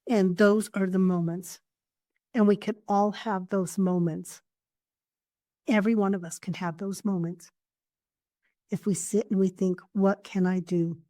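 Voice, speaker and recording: A woman's voice: medium pitch, fairly even intonation, measured pace, pauses often, dry recording. A woman coach and therapist telling heartfelt stories in an earnest, conversational way on a podcast. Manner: earnest storytelling, warm anecdotes. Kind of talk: casual podcast chat.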